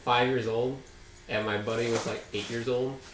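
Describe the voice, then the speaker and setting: Young male co-host, mid-pitched, dry humor, relaxed storytelling, echoey room. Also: normal speed, recorded from a distance, slight background noise. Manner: laid-back, dry jokes, laughs a lot. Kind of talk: casual storytelling chat.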